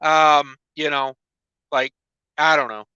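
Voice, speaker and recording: A man's voice: a little high, steady tone, slow pace, sharp tone, clean tone, no echo. A man hosting a trucking livestream in casual, rambling chat full of fillers. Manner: rambling, filler-heavy, laid-back. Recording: dull lo-fi dry sound.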